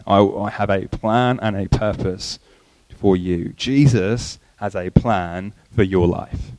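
A man preaching a sermon, in a conversational way, often repeating words and pausing. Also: lowish voice, a little mellow, no echo, low-quality recording.

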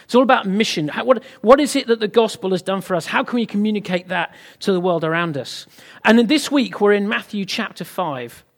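A man's voice: sits high, a little fast, creaky. A British man preaching a sermon, telling a humorous personal story to the congregation in a chatty way. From Britain. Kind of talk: sermon with anecdote.

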